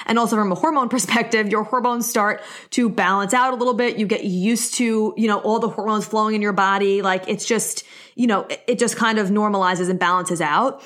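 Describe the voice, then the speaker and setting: A woman's voice: mid-range voice, fairly even intonation, a little fast, fairly bright tone. A young woman hosting a solo podcast, talking casually and openly, peppering her sentences with "like" as she gives earnest, encouraging advice. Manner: chatty, open, leans heavily on "like". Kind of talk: casual personal monologue.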